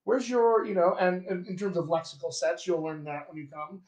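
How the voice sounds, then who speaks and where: A man with a General American accent, a dialect coach giving a chatty live accent lesson and repeating sample words slowly. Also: on the high side, fairly even intonation, echoey room.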